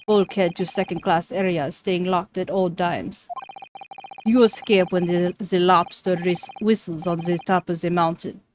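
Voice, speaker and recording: A woman's voice: on the low side, fairly even intonation, measured pace, a little mellow, a little hiss or hum, close to an everyday voice. Girl doing a grumpy russian sailor guard from a game, broken english, super curt. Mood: stern. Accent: put-on Russian. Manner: curt, stiff broken English, blunt refusals. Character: gruff male Russian ship's sailor guard.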